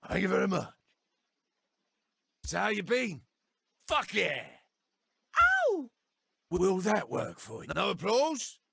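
A man's voice: sits high, big pitch swings, takes it slowly, creaky, pauses often, fairly bright tone, slightly rough, dry recording, studio quality, full character voice. An actor with a British accent voicing a cocky, brash male gang-boss president in a video game, throwing crude, mocking taunts. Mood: taunting. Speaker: player character taunting.

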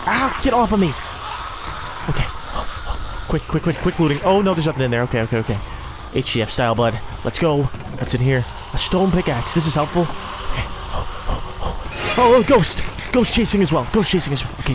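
A man's voice: fairly high pitch, expressive, fast talker, few pauses, noisy background. A young man narrating his own game role-play in a sarcastic, self-mocking running commentary. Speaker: role-play gaming creator.

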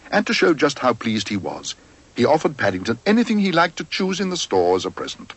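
A man narrating a cartoon storybook in a gentle, expressive way. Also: medium pitch, fairly quick, breathy edge.

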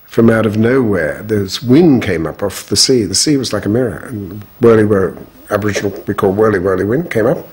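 A husky, low-pitched older man telling his own story in an interview. He speaks in a measured and frank way, with firm opinions. His voice has a breathy grain throughout. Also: darkish tone. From Australia. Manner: measured, frank, strong views. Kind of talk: reflective personal storytelling.

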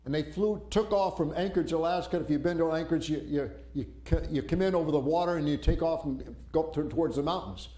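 A man preaching a sermon, telling a story in an animated way and acting out panicked voices. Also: a little high, fast, hardly any pauses. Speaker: pastor. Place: church sanctuary. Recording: roomy church echo.

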